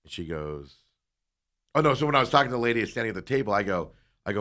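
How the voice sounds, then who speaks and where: A man on a talk show, casually telling a long story and animatedly acting out the people in it, sometimes dropping into quiet asides. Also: lowish voice, very animated, fast talker. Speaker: co-host.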